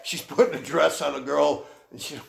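A man's voice: fairly high pitch, steady tone, normal speed, vocal fry, a crowd in the background. A man teaching the Bible in a folksy, conversational way, answering questions from the people in the room. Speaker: pastor. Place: church room. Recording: echoey room, faint noise.

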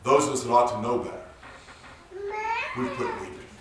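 A man preaching a sermon, swinging from low murmurs to shouted high cries. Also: wildly swooping pitch, moderate pace, background noise. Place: church sanctuary. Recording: roomy church recorded from far off.

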